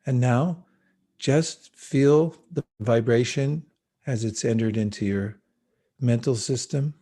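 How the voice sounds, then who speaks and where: A man with a mellow, warm voice leads a guided meditation over a video call. His delivery is calm and unhurried, gently instructive as he walks listeners through breathing. His pitch sits in an ordinary middle range for a man. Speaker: meditation teacher.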